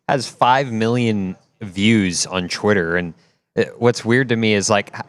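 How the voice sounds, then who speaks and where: Man, co-host, casual, bemused, somewhat low voice. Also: a little slow, no room sound. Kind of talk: casual sports talk.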